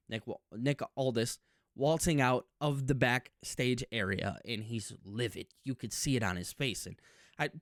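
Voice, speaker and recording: A man's voice: fairly low pitch, no echo. Emphatic man recapping wrestling, dry sound. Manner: emphatic, chatty, repeats words when excited. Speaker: wrestling commentary channel host. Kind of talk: casual recap and opinion monologue.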